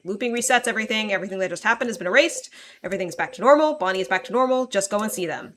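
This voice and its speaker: A woman streaming a game, reading its narration aloud in an expressive, dramatic way and reacting. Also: medium pitch, racing. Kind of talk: let's play narration and commentary.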